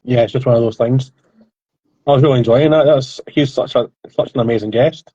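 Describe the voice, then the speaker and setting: A man hosting a podcast chats in an easygoing, apologetic way. His voice sits at an everyday middle pitch, coming through a call line. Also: brisk, dark tone, husky, muffled recording. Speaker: podcast host. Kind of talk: casual chat.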